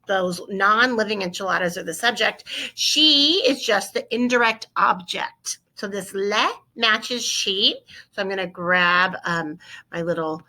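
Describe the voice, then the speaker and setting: A woman walks her students through a Spanish grammar lesson recorded at her computer. Her voice is bright and forward, and she keeps an upbeat coaching tone, often putting questions to the class. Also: medium pitch, unhurried. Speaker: Spanish teacher. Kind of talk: recorded screen-share lesson.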